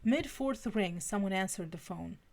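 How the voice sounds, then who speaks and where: A woman's voice: medium pitch, expressive, moderate pace, creaky, a little mellow. A woman reading fanfiction aloud on a live stream, stumbling and restarting now and then. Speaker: fanfiction reader.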